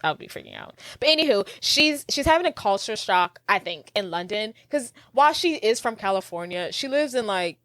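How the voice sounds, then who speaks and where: Chatty young woman, mid-pitched voice. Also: lively intonation, a little fast, hardly any pauses, fairly bright tone, dry recording, clean studio sound. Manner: chatty, uses lots of "like" fillers. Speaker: podcast co-host. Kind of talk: casual chat recapping a movie.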